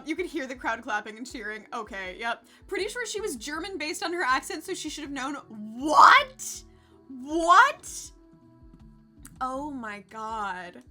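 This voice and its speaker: A sarcastic woman streamer chats with her viewers in a bright, sharp voice pitched a little high. She laughs often and swears freely. Faint music plays behind her. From United States. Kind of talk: casual live-stream chat.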